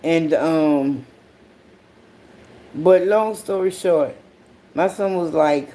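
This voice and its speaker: Podcast host, casual storytelling, profane, slow drawl, sudden squeaky outbursts. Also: dark tone. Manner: profane, blunt, with sudden high-pitched outbursts; laughs through the telling.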